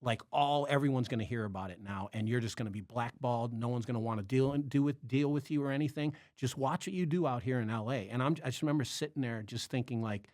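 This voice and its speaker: A man from the Chicago area, a podcast guest, telling a story in casual chat. He is animated, acts out the voices of the people he quotes and swears freely. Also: mid-range voice, fast, hardly any pauses, no echo, studio quality. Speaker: podcast guest, comedy club bartender.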